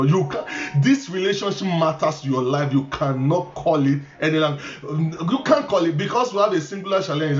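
A man's voice: fairly high pitch, animated, normal speed. A male pastor with a Nigerian accent preaching a sermon, repeating key phrases emphatically, with stammering restarts. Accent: Nigerian English. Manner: repetitive, emphatic, stammering restarts, chuckling asides. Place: church hall. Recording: echoey, dull church recording with faint ambience.

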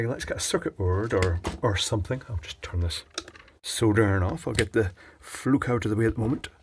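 A man's voice: lowish voice, a little hiss or hum. A man chatting dryly as he repairs electronics at his workbench, thinking aloud as he works. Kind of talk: casual workbench commentary.

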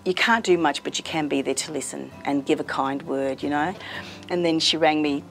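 A middle-aged woman with a fairly low, gravelly voice, telling stories in a chatty, lively way as a community radio presenter. Soft music plays faintly underneath. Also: normal speed. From Australia. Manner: warm, chatty, lively storyteller. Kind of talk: casual interview storytelling.

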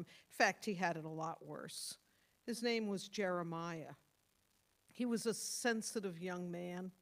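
A woman pastor giving a sermon, earnest and motherly, stressing points hard and then dropping to soft tones. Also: medium pitch. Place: church.

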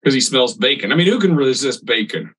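Bright-voiced man recapping an episode. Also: mid-range voice, lively intonation, slightly rough, poor audio. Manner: rambling, halting recaps with restarts. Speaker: podcast co-host. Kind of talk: casual chat recapping a TV episode.

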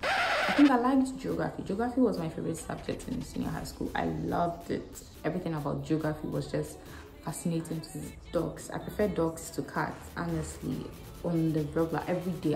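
A young woman from Ghana, answering questions in a casual vlog with a frank, animated, self-mocking manner. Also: lowish voice, vocal fry. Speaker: vlogger. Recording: echoey room with faint music.

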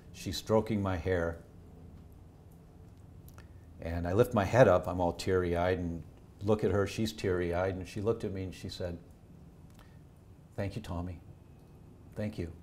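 Earnest storytelling male doctor, low voice. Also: slight background noise. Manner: earnest, swings from animated to hushed when telling family stories. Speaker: doctor and health educator. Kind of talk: emotional personal storytelling in a podcast interview.

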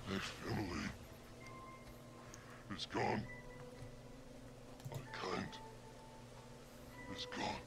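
A man's voice: low-pitched, extremely slow, long pauses, noisy background, exaggerated voice. A man voicing a weary male sasquatch, the last of his kind, mournful and pleading for death. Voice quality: gravelly, creaky voice. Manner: mournful, pleading, sometimes whispered.

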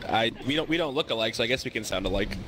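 A man playing a ghost-hunting game with friends on voice chat, excitable and jumpy, swearing when startled. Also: mid-range voice, racing, slight background noise. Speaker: player in a streamed game. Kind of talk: casual gaming voice chat.

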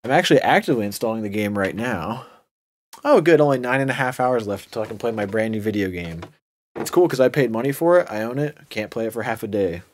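A man's voice: on the low side, expressive, fast, a little hiss or hum. A young man hosting an unboxing video, talking in a casual, sarcastic and rambling way.

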